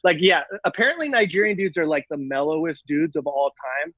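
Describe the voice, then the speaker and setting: Podcast co-host, a man with a higher voice, swearing and emphatic, dull dry lo-fi mic. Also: lively intonation, fairly quick, fairly bright tone, dry recording. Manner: profane, emphatic, says dude a lot. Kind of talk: casual chat.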